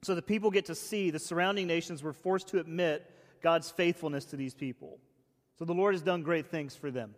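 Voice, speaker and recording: A man's voice: a little high, a little fast. A man preaching a casual, conversational sermon, often restarting phrases and saying "like" as he goes. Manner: casual, chatty, many restarts and "like". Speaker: pastor. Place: church hall. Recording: long church reverb.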